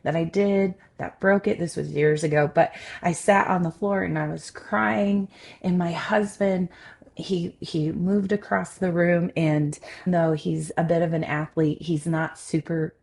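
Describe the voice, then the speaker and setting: A woman relationship coach and podcast host, telling personal stories in a loud, expressive, candid conversational way. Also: on the low side, measured pace, creaky.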